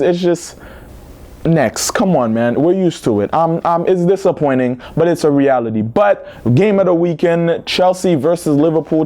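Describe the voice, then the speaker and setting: A man hosting a football news vlog, talking to viewers in a lively, slangy, casual way. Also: fairly high pitch. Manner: animated, slangy, talks straight to viewers.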